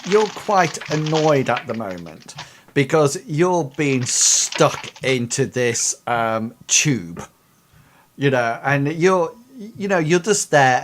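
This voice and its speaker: A man's voice: mid-range voice, very animated, takes it slowly. A man narrating as game master of a tabletop game, hesitant, full of fillers and restarts.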